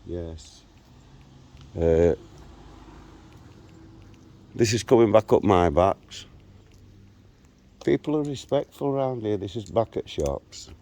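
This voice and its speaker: Gravelly guy in his 60s, retelling a street row out loud while walking around outside. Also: fairly low pitch, slow, pauses often. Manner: animated, re-enacts a street argument. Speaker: vlogger. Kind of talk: walking vlog storytelling. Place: outdoors, walking through a local park and streets.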